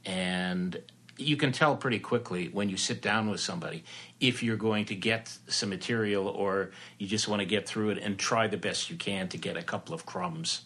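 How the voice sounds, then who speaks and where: An older man with a bright, forward voice tells showbiz anecdotes at an easy, chatty pace. He wanders through his stories with fillers and little restarts, like a reporter who has done this for decades. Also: lowish voice, lively intonation, moderate pace, creaky, slightly rough. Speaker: entertainment reporter, guest. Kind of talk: casual storytelling interview.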